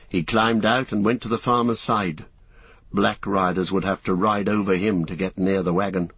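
Low husky male audiobook narrator. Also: dry recording. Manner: measured, even storytelling.

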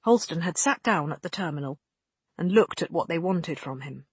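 Husky narrator reading a story, steady and measured, close mic. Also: medium pitch, no echo. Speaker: audiobook narrator. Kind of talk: scripted narration.

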